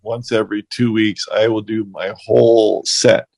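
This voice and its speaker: A man's voice: lowish voice, fairly even intonation, moderate pace, gravelly, darkish tone, dry recording. A man co-hosting a podcast about woodcarving, giving easygoing, laid-back advice in casual chat.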